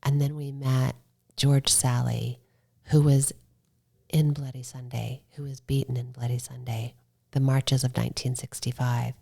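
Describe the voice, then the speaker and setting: A woman filmmaker chatting as a podcast guest, telling lively stories and quoting herself. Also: a bass voice, a little slow, creaky, slightly rough. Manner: animated storytelling, quotes herself. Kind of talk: casual interview chat.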